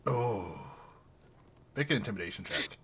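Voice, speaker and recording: A man's voice: fairly low pitch, lively intonation, moderate pace, fairly bright tone, husky. A man narrating a tabletop game as game master, playfully slipping into character voices.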